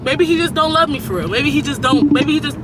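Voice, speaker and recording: A young woman in her late teens, vlogging while she drives, rambling and cursing through an animated story time. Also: sits high, fast talker, a loud crowd. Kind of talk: casual story-time chat while driving. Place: inside a car on the road. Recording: car with loud road noise.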